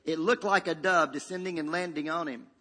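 Emphatic pastor preaching in a reverberant hall. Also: male voice, on the high side, steady tone, fairly quick, pushed and bright. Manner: emphatic, with repetitions and call-and-response. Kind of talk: sermon.

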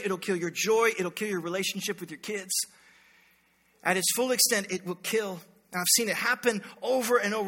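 A man in his thirties, a pastor delivering an emphatic, energetic sermon and acting out everyday people in asides. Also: high voice, in a large hall. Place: church hall.

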